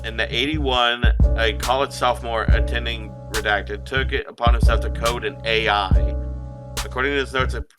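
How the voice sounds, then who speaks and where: A man co-hosting a casual group podcast, explaining things haltingly with many restarts. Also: mid-range voice, fairly even intonation, over music. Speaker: podcast co-host.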